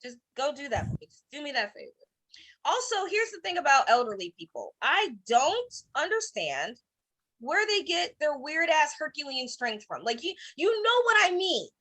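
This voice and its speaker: Brash, high, bright-voiced woman comic. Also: normal speed. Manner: brash, profane storytelling with deadpan asides. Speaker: stand-up comedian. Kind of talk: stand-up set. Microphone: video call.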